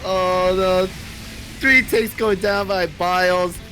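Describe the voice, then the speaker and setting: A man's voice: high voice, fairly even intonation, takes it slowly, bright, forceful tone, soft background music, rough recording. A man commentating a live esports match with joking, playful banter. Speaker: esports caster.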